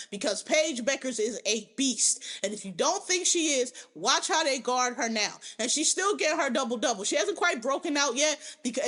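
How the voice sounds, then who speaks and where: A woman hosting a podcast, giving animated, profane, opinionated commentary in casual chat. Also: fairly high pitch. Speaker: podcast host.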